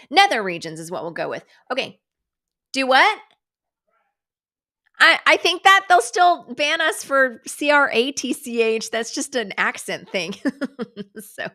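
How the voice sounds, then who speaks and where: A middle-aged woman hosting a casual livestream, sarcastic and animated, swearing freely and dropping to whispers for asides. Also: mid-range voice. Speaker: livestream host. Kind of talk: casual chat.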